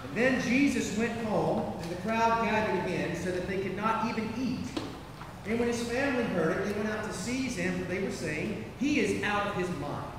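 A man slowly reading a gospel passage aloud in a measured, formal way during a church service. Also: sits high, animated, noisy background. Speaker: gospel reader. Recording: echoey church hall from far off.

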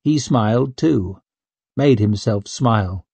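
A man reading an audiobook as narrator in a measured, even manner. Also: mid-range voice, slightly rough, no room sound. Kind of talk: scripted narration.

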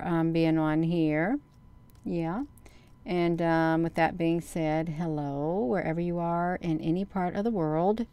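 A woman's voice: on the low side, clear, resonant tone. A woman hosting a casual livestream, rambling and answering viewers' comments. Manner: folksy, rambling, says "you all" and "honey". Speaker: livestream host.

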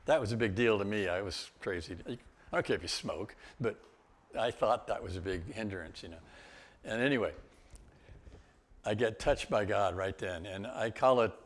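An older man giving a guest-speaker testimony, telling his story in a lively way with laughs and sudden exclamations. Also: lowish voice. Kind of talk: testimony talk.

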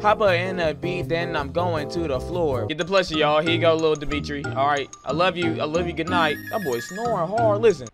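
A man's voice: fairly high pitch, brisk, hardly any pauses. A man giving laid-back, slangy commentary while playing a video game. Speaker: gaming YouTuber. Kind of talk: casual gameplay commentary. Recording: gameplay video with game music.

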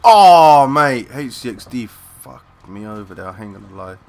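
A young man giving excitable, swearing live commentary while playing a shooter, calling out to teammates in slang. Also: lowish voice, normal speed, vocal fry. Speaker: gaming channel host.

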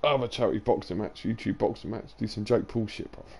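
A man's voice: lowish voice, fast talker, vocal fry, darkish tone, slightly rough. A tired young man chatting loosely and swearing to his viewers during a live game stream. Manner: loose, sweary banter to chat, drifting into sing-song and whispers.

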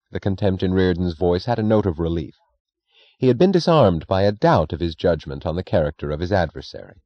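A man narrating a novel as an audiobook in a measured, steady way. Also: low-pitched, dry recording. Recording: dry, dull lo-fi recording.

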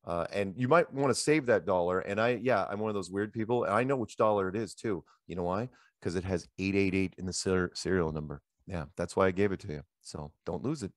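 Middle-aged male host, low voice, dry close sound, animated rambling storyteller. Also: brisk, few pauses, no room sound. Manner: animated, rambling anecdotes with repeated "he goes". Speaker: show host. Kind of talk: casual storytelling chat. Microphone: handheld microphone.

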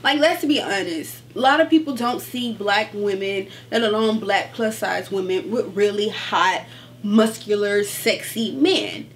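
A woman chatting casually about her book haul, animated and gushing, calling her viewers y'all. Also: mid-range voice, a little slow, a little hiss or hum. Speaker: book vlogger.

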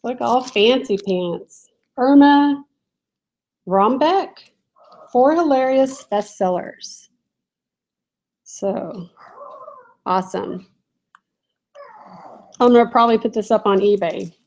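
A woman's voice: a little high, slow, long pauses, a little mellow, low-quality recording. A woman chatting casually on a home live stream, giggling and reading viewer comments aloud. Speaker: reseller vlogger. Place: home, in a room with barking dogs.

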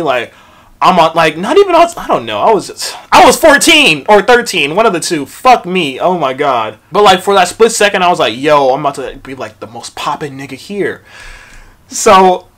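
A young man recounts a school story for his vlog, swearing freely and jumping into lively acted-out quotes. His voice sits a bit higher than most men's. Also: normal speed. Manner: profane, animated retelling with acted-out quotes. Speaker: vlogger.

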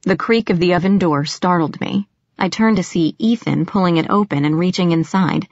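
A woman's voice: lowish voice, normal speed, dry recording. A woman narrating a first-person audiobook with tension, snapping sharply in her own dialogue. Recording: slightly dull lo-fi audio.

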